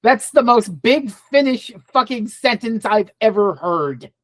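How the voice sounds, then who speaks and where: A woman co-hosting a podcast in casual chat, animated and swearing freely. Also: fairly high pitch, measured pace. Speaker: podcast co-host.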